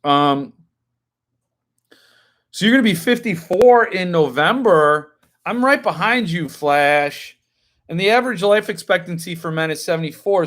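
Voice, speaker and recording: A rambling, chatty man in his fifties whose voice sits a little higher than most men's. He hosts a live stream and answers viewers one by one in a loose, conversational way. Every so often he works himself up into an indignant rant. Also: fairly bright tone. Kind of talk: casual live-stream chat reading viewer comments.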